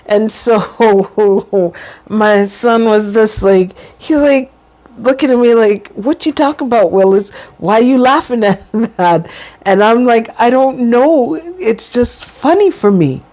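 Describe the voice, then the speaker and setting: Slow-talking woman who laughs often. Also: mid-range voice, darkish tone. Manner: laughs often while talking, drawn-out pauses. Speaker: vlogger on brain injury recovery. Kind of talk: casual talk to camera.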